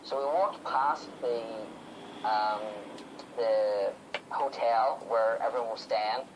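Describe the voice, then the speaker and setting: A man's voice: mid-range voice, slow pace, slight background noise, low-quality recording. A man from the UK hosting a podcast, chatting casually and acting out what people said. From United Kingdom. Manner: chatty storyteller, acts out quotes. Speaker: podcast host. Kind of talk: casual chat.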